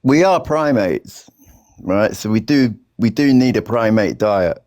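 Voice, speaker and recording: A man's voice: lowish voice, expressive, unhurried, a little mellow. A man calling into a debate, arguing and interrupting. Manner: argumentative, interrupting. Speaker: caller.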